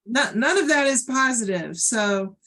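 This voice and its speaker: A woman's voice: on the high side, lively intonation, a little slow, a bit bright. A woman co-hosting a podcast, chatting casually and thinking aloud with fillers. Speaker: podcast co-host. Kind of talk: casual chat.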